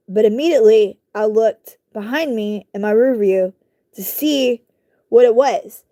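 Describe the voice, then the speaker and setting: A woman vlogger telling a story in casual speech. She rambles with lots of fillers and asides and keeps clearing her throat. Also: on the high side. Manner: rambling, animated retelling with many fillers and asides.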